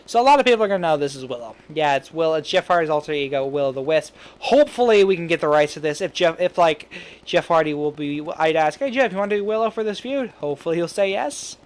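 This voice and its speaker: A man casually talking through an imagined wrestling show, rambling with quick asides and laughing at his own jokes. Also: on the high side, expressive. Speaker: fantasy booking commentator. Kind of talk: casual solo commentary.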